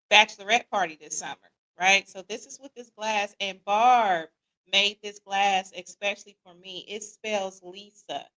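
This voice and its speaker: A middle-aged woman, hosting a casual livestream and greeting viewers in a lively, slangy, playful way. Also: medium pitch. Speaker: podcast host.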